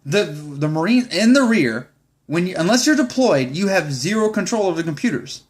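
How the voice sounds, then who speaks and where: A man's voice: high-pitched, sing-song, moderate pace. A young man, a Marine sergeant, ranting in a vlog with exasperated, profane, rambling talk.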